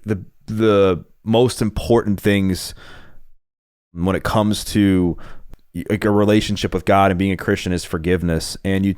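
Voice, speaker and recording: A male podcast host with a deep, low voice that sounds smooth and clear. He is recorded dry and close, and speaks earnestly in casual chat, with lots of "like" fillers. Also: a little mellow, dry recording.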